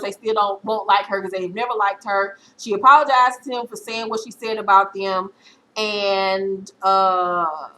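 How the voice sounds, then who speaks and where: A woman vlogger in her thirties giving a blunt, profane, animated recap of a reality show episode. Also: medium pitch, low-quality recording.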